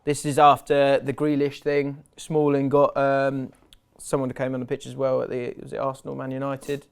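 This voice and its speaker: A man co-hosting a podcast, chatting casually about football and telling stories, often cutting in with quick remarks. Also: mid-range voice, monotone, gravelly, clear, resonant tone. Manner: chatty, laughing storyteller who interjects often. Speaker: podcast co-host.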